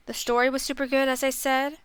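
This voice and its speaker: A woman's voice: high voice, flat delivery, fairly quick, clean tone, dry recording. Rambling young woman streamer. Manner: rambling, self-deprecating, lots of fillers. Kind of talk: casual game review chat.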